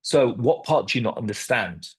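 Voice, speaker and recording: A man, a property investor telling a story to camera and acting out phone calls in lively detail. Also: mid-range voice, normal speed, slightly rough.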